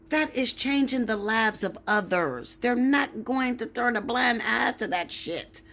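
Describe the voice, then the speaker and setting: A woman's voice: a little high, expressive, a little slow, hardly any pauses, fairly bright tone. A woman tarot reader ranting straight to her viewers, blunt, preachy and heavy with swearing. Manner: blunt, profane, emphatic, preachy. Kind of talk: ranting direct-to-camera monologue.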